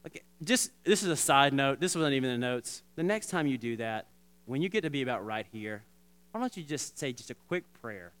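Bright-voiced, animated man preaching. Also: mid-range voice, brisk. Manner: animated, repetitive restarts, addresses congregation directly. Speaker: pastor. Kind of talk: sermon.

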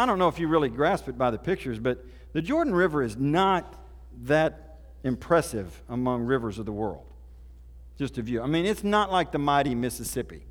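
A man pastor retells a scripture story in a relaxed, folksy way. His voice sits at an ordinary middle pitch. It rings out with the long reverb of a church sanctuary. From Oklahoma. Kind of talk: sermon. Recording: reverberant hall.

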